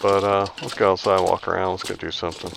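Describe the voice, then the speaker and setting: A man's voice: sits low, flat delivery, quick pace, gravelly, background noise. A man hosting a gaming video, telling a rambling, chatty story while he plays, full of "like" fillers. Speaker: gaming channel host. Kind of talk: casual storytelling over gameplay.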